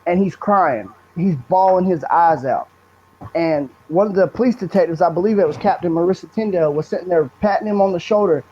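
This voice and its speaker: Brisk and high-voiced, this young man is the subject's brother, speaking as a guest on a podcast interview. He talks earnestly and bluntly in long, rambling, emotional stories, over a dull lo-fi recording with slight background noise.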